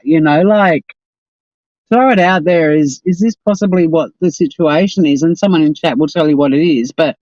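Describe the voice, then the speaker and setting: A woman's voice: low voice, measured pace, a little mellow, dry recording, lo-fi sound. A woman with an Australian accent, hosting a casual live stream and chatting in a rambling, exasperated way.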